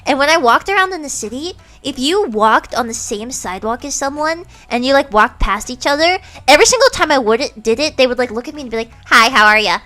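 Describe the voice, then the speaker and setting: A young woman streamer in casual chat, animated and giggly, filling her talk with "like" and "oh my gosh". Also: sits high, quick pace, few pauses. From United States. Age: young adult. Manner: animated, giggly, heavy use of filler words. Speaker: streamer host.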